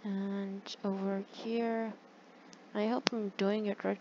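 A woman giving casual commentary over her own gameplay, excitable and chatty with her viewers, gasping and groaning at every setback. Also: mid-range voice, takes it slowly, highs cut off. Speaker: gaming channel host.

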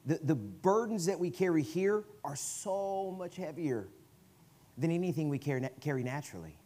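A man with a Southern US accent, a guest preacher giving a conversational sermon in a church, swinging from quiet asides to emphatic, loud bursts. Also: fairly high pitch, expressive, moderate pace. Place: church sanctuary.

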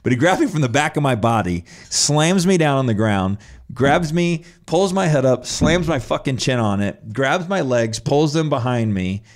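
A man's voice: mid-range voice, lively intonation, normal speed. A man telling his own story in a casual, blunt and profane way, acting out his past reactions as he goes.

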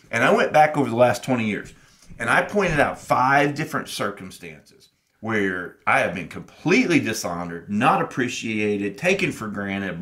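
A man's voice: on the low side, sing-song, normal speed, fairly bright tone. A middle-aged man co-hosting a podcast, telling a personal story in an earnest, reflective way and acting out his past conversations. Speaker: podcast co-host.

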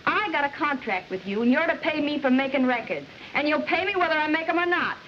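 A vain woman singer with a Southern drawl, huffy and theatrical. Her voice sits high, and the old film sound is muffled and dull. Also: expressive, quick pace, slight background noise. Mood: indignant. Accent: Southern American. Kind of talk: 1940s film acting.

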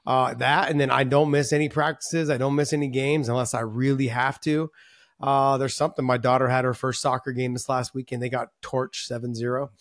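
A man's voice: medium pitch, level tone, fairly quick, no room sound, studio quality. A man hosting a podcast in casual chat, friendly and calling his guest brother. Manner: friendly, calls guest brother, hypes up the sign-off. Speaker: podcast host.

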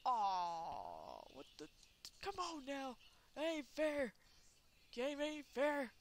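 A woman giving let's play commentary, excitable, laughing and shrieking, cursing at the game. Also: high-pitched, very slow. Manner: swears and exclaims at the game. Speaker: gameplay commentator.

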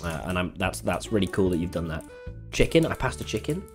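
A young man chatting to his live-stream audience while playing, excitable and swearing freely. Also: deep voice, fairly quick, faint music behind. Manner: excitable, swears freely, jumps between game and chat. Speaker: game streamer.

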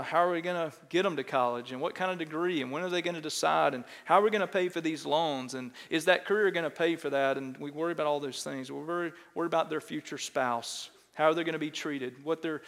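A middle-aged pastor with a Texan accent, preaching a sermon and telling a self-mocking story in an animated way, often checking in with "right?". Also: male voice, on the high side. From Texas. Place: large church sanctuary. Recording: long church hall reverb.

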